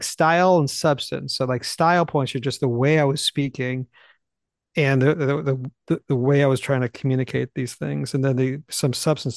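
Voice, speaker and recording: Gravelly, fast-talking man on a podcast. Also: medium pitch, dry recording, studio quality. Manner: fast, eager talker who clips his sentences and restarts. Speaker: Bible study teacher. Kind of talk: casual podcast conversation.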